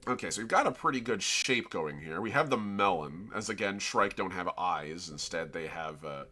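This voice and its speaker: Speaking at normal speed in a low, sharp-toned voice with lively intonation, a man from Florida talks in a Floridian accent on a live stream. He explains his drawing while he works, rambling casually and often interrupting himself.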